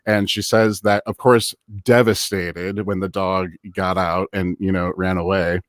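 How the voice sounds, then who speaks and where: A man with a lowish voice co-hosts a casual live-streamed chat show. He talks loosely and eagerly, with plenty of filler words. The sound is close and dry, with no room around it. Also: unhurried, no room sound. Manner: chatty, many "uh" fillers, excitable. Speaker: podcast co-host.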